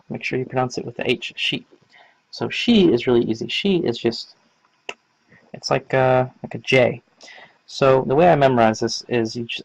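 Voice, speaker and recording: Gravelly-voiced man casually teaching. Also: mid-range voice, dry recording, rough recording. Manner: casual, rambling explanations with many fillers. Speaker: language teacher. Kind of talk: casual instructional talk.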